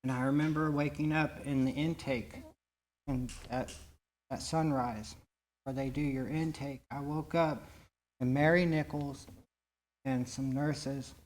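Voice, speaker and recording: A man giving his personal recovery testimony at a church meeting, speaking in an earnest, halting way with frequent restarts. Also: medium pitch, steady tone.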